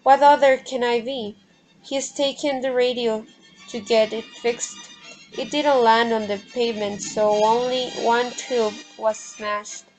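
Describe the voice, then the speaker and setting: Woman reading Stella, calm and matter-of-fact. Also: fairly high pitch, a little slow, soft background music, rough recording.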